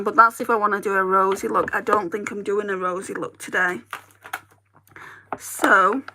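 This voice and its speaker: A woman's voice: medium pitch, vocal fry, background noise. A woman with a northern English accent, a beauty vlogger chatting casually to viewers while she does her makeup. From northern England. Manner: chatty, rambling, talks to viewers.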